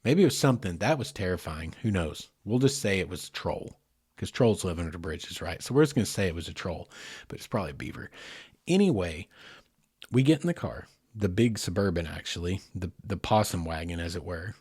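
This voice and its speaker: Husky-voiced middle-aged man telling a story. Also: low-pitched, fairly quick, no room sound, studio quality. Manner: animated, talks to listeners directly. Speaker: podcast host. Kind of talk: casual spoken storytelling.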